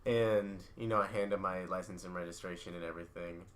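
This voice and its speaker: A young man, a podcast co-host, telling a story in a laid-back casual chat, halting now and then. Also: deep voice, fairly even intonation, fairly bright tone.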